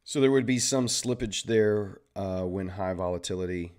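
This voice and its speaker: A man's voice: deep voice, moderate pace, darkish tone. A man with a Southern Texan accent, hosting a live trading stream and explaining charts in an easygoing, chatty way while greeting viewers. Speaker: trading livestream host. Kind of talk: casual live trading commentary.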